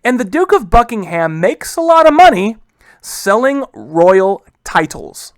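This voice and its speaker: A man's voice: sits high, big pitch swings, no room sound. A man teaching a history lesson in a casual, chatty way, often saying "guys" and asking rhetorical questions. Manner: acts out historical figures in quick quoted asides. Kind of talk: casual classroom lecture.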